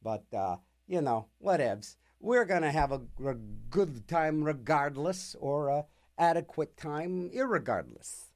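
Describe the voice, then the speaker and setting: A man's voice: on the high side, expressive, measured pace. A man hosting a radio music show, chatting casually between songs with rambling, sarcastic jokes. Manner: rambling, jokey, sarcastic asides.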